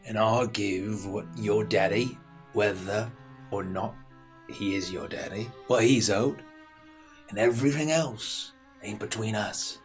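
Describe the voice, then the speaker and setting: A man's voice: lowish voice, slow. A man voicing a grubby male tax collector cat who bullies peasants, with a drawling, sneering manner, over music. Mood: menacing.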